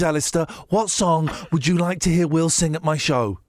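A man's voice: on the high side, normal speed, hardly any pauses, darkish tone. A man hosting a radio show, bantering, laughing often and reading out odd news stories. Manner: jokey, laughs often, does silly voices.

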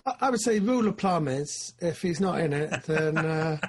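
A man, co-hosting a casual film podcast, talking with big bursts of enthusiasm that drop into low asides. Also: normal speed. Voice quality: husky. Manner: excitable, swings from loud enthusiasm to low mumbling asides. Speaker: podcast co-host.

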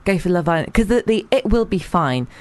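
A woman's voice: lowish voice, lively intonation, a little fast, darkish tone. A woman as a podcast guest, joking dryly and laughing along in casual chat. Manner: dry, wry jokes with laughter.

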